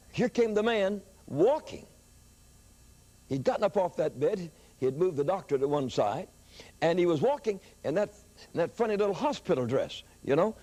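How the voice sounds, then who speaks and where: An older man preaching, telling a story in an animated sermon style with excited rises in his voice. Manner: animated storyteller, rising pitch when excited.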